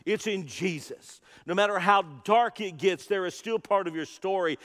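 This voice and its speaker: A man with a high voice preaches an Easter sermon in a church sanctuary, a large hall, speaking at a normal speed with few pauses and a slightly bright tone. He is a pastor whose emphasis rises and falls as he calls out to the congregation.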